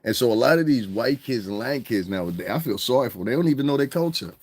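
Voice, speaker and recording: A man hosting a podcast in a casual, animated monologue, swearing and mimicking other people's voices. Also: medium pitch, fast talker. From United States. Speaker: podcast host.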